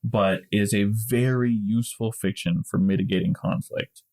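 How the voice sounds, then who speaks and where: A man's voice: fairly low pitch, steady tone, normal speed, darkish tone. A man co-hosting a podcast, explaining things at length in casual chat with small restarts. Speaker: podcast co-host.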